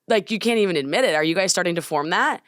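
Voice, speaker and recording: A young woman co-hosts a podcast in a studio, chatting casually and telling stories with plenty of laughter. Her voice is on the low side and fast, and the sound is clean, with no room echo.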